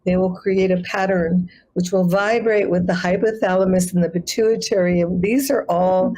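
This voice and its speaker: A woman who teaches chanting, explaining pronunciation and demonstrating sounds slowly in a conversation over a video call. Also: lowish voice, fairly even intonation, dark tone, poor audio. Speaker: guest, sacred chant artist and yoga teacher.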